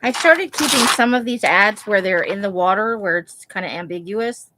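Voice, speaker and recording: A woman at normal speed, mid-range and lively in intonation, leads a live craft session against a noisy background. She chats easily and reasons aloud while cutting pictures from magazines in her Las Vegas home craft room.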